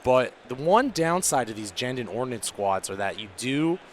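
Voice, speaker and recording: A man's voice: mid-range voice, big pitch swings, normal speed. Guy doing casual game commentary, jokey, explains the rules, bit of noise behind. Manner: joking, explains rules in detail. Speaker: tournament commentator.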